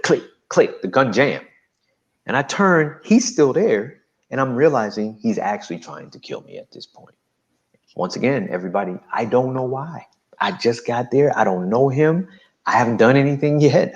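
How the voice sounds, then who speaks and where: Male interview guest, low fry-heavy voice, animated storyteller, lo-fi sound. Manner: animated storytelling with acted quotes.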